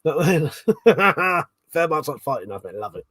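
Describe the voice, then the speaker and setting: British bloke a bit drunk on a stream, laughing and swearing, dry close sound, voice a touch high. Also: male voice, very animated, a little slow, pushed and bright, no echo. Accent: British English. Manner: swears casually, laughs often, reads chat comments aloud. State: tipsy. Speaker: livestream host. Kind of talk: casual drunk livestream chat.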